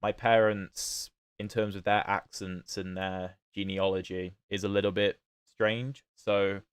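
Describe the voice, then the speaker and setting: A chatty British man streams his chess games and answers viewers' questions as he plays. His voice sits fairly low. The sound is dry and close, with no room echo. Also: flat delivery, measured pace, clear, resonant tone. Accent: British, not fully standard. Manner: chatty, answers chat questions while playing. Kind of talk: casual livestream commentary.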